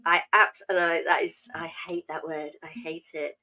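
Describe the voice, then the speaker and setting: A woman's voice: on the low side, fairly even intonation, normal speed, sharp tone. An Englishwoman hosting a livestream, chatting casually and teasing playfully with slang. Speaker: livestream host.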